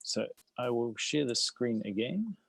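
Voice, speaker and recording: Creaky, hesitant New man. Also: mid-range voice, big pitch swings, a little slow, no room sound, low-quality recording. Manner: hesitant, lots of ums and restarts. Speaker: host. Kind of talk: casual livestream chat.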